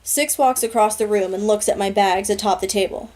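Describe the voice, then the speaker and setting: A woman reading a novel aloud in a steady, earnest storytelling manner. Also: mid-range voice, brisk. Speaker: audiobook reader.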